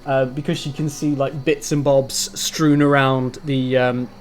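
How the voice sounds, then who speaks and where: A man narrating as game master of a tabletop game, talking in a rambling way with many pauses and restarts, over an online voice call. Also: mid-range voice, level tone.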